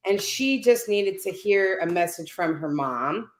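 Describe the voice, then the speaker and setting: A woman telling a personal story as a guest on a video call, animated and often checking in with "right?". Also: mid-range voice, unhurried. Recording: roomy echo.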